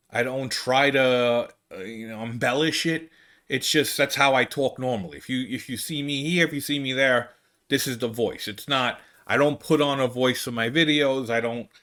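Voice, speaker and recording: A man's voice: medium pitch, sharp tone. A man with a Brooklyn accent hosting a casual comedy monologue, rambling and exasperated, with lots of restarts. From United States. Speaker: comedian podcast host.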